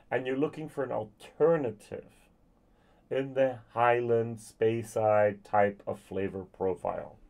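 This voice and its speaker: A man's voice: mid-range voice, gravelly, a little mellow. A man giving a casual spoken whisky tasting review, chatty and thinking aloud with frequent ums and restarts. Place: lives in Germany.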